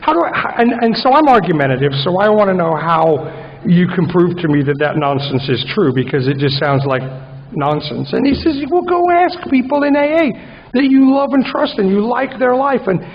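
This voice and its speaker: A man's voice: high voice, gravelly. Man telling a self-mocking recovery story. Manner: self-mocking, rambling, comic asides. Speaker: speaker at a recovery conference. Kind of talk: conference talk. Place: large conference hall with an audience. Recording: dull recording in a reverberant hall.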